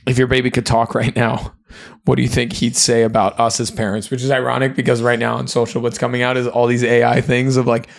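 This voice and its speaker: A man's voice: medium pitch, level tone, fast talker, gravelly, dry recording, clean studio sound. A man co-hosting a podcast, talking in an earnest, reflective and chatty way with lots of fillers. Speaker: podcast co-host. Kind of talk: candid podcast conversation.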